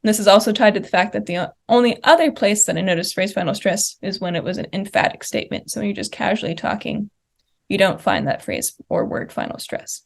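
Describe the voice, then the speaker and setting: Young woman, mid-pitched, presenting research at a conference, explanatory, plain delivery with some uh and um. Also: fairly quick, gravelly. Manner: explanatory, walks through slide examples; uses fillers like uh and um.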